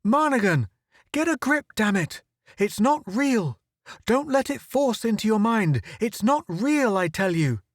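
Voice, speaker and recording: A man reading aloud puts on a tense young space reporter, pitched noticeably higher than the narration and pushing hard to be heard. He sounds urgent and commanding, and the voice sits close and dry with no room around it. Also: lively intonation, moderate pace, dry recording. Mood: shouting. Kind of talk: audiobook character reading.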